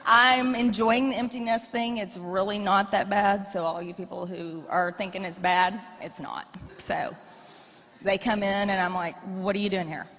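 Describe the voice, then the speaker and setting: A woman's voice: mid-range voice, steady tone, normal speed. Blunt, self-mocking middle-aged woman in a hall. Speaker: guest speaker. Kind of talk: candid stage interview. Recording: long hall reverb.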